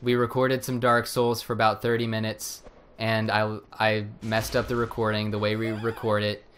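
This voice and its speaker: A man co-hosting a casual gaming show, reacting in a dry, deadpan way. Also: fairly low pitch, moderate pace, smooth. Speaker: co-host.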